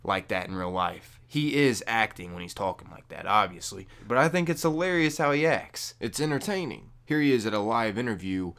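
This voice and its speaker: Low-voiced young guy joking into a mic. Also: lively intonation, a little fast, few pauses. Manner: loose and jokey, jumps to loud high-pitched bursts when mocking. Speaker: gaming YouTuber. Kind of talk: casual talking-to-camera vlog. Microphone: desk microphone.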